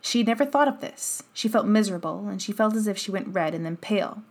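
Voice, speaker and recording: A woman narrating a children's novel in calm, even storytelling. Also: mid-range voice, fast. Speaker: audiobook narrator. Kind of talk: scripted narration.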